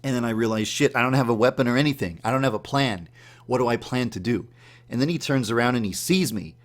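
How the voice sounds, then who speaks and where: A man telling the story of a dream in a casual, animated way, acting out his own startled reactions in a higher voice. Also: quick pace. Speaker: YouTube channel host.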